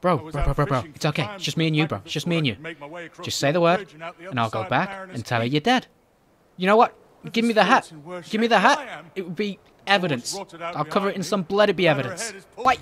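Excitable high-voiced man gaming. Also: quick pace. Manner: excitable, joking, shouting at enemies. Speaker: gaming YouTuber. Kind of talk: comedic let's-play commentary.

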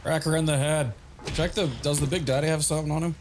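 A man co-hosting a let's play, tossing out quick wisecracks during casual gameplay chat. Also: a little high, fairly even intonation, a little hiss or hum. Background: game music.

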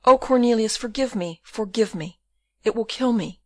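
A woman's voice: fairly high pitch, normal speed, a little mellow, dry recording, voice pushed up, natural voice. A woman voicing a frightened, tearful young woman in an audiobook, pleading through sobs. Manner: sobbing, pleading.

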